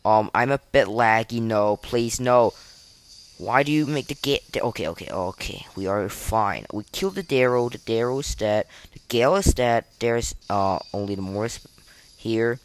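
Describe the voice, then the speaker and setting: A man's voice: lowish voice, moderate pace. Flustered young man commentating gameplay. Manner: self-deprecating, flustered, frequent fillers and restarts. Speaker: gaming podcaster.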